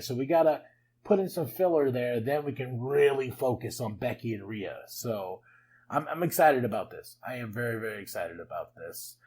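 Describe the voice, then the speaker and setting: A man hosting a podcast, recapping wrestling in a casual, excitable way with frequent laughs and chatty asides. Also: mid-range voice, slight background noise, rough recording. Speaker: podcast host.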